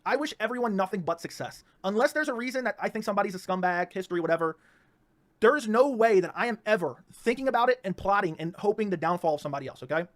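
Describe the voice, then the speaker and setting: A man talking at a breakneck pace in a fairly high voice, hosting a livestream from a home setup. He rants heatedly, doubles back on his words and restarts sentences often. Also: lively intonation. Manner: rapid, repetitive, stumbling restarts. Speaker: livestream host.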